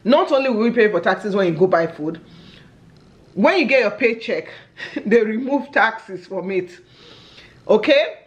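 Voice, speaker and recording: A woman from Nigeria with a Nigerian English accent, chatting as a family vlogger while eating on camera, a lively storyteller who exclaims often. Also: mid-range voice, measured pace, pauses often.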